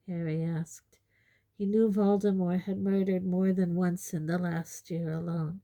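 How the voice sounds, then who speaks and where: A woman reading a novel aloud in a slow, steady storytelling manner. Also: fairly low pitch. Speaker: audiobook reader. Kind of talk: audiobook narration.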